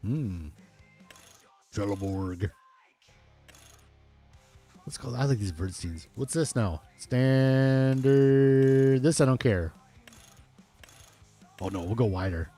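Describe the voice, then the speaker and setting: A man's voice: medium pitch, lively intonation, slow pace, mellow, soft background music. A man casually commentating his farming game on a live stream, reading chat and rambling through asides. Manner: chatty, reads chat aloud, rambling asides.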